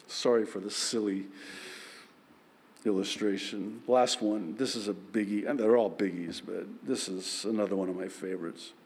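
A man preaching a sermon as a pastor, acting out lively back-and-forth dialogues with God. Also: on the low side, moderate pace, slightly rough. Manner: acts out both sides of dialogues with God, animated. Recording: long hall reverb.

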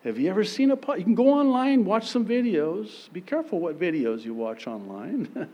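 A man preaching a sermon, theatrical and playful, acting out little scenes with sudden loud bursts and laughter. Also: sits high, very animated, moderate pace, muffled recording.

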